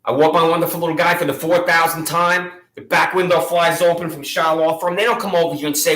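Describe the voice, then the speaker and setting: A man's voice: on the high side, fast, hardly any pauses, pushed and bright, roomy sound, poor audio. A man making an impassioned public complaint against local officials, accusatory, sarcastic and repetitive.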